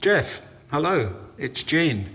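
An earnest, curious older woman on the phone, as a man puts her on in his talk. Her voice sits higher than his own, and she presses her questions slowly and insistently. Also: big pitch swings, a bit bright, a little hiss or hum, full character voice.

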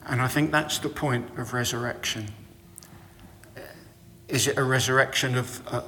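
A middle-aged man giving a reflective, sermon-style talk, telling personal stories about faith in a measured way. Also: medium pitch, fairly bright tone, long reverb tail, slight background noise.

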